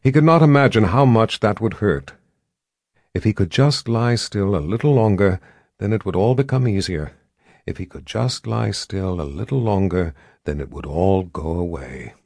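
A man narrating a fantasy audiobook with measured, dramatic pacing and drawn-out pauses. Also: fairly low pitch, lively intonation, creaky, darkish tone, dry recording, studio quality.

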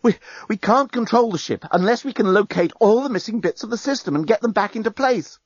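A man's voice: fairly quick, breathy edge, no room sound, dull audio. A man reading aloud and voicing a flustered, stammering journalist in a storybook. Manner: high, breathless and stammering. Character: panting, flustered male journalist.

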